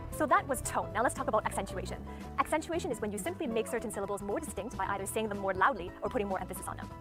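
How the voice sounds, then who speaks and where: A woman talking very fast as she explains speaking techniques. Her enunciation is crisp and her delivery instructive, with her voice sitting at an average pitch. Faint music plays behind her. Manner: brisk, clearly enunciated teaching delivery. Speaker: speaking coach. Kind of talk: instructional talk to camera.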